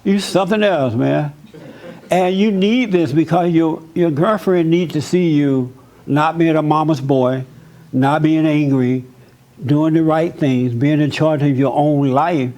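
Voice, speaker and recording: A man's voice: on the high side, dark tone. A man hosting a church talk as pastor, blunt and joking, often laughing as he gives advice. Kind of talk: casual church counseling chat.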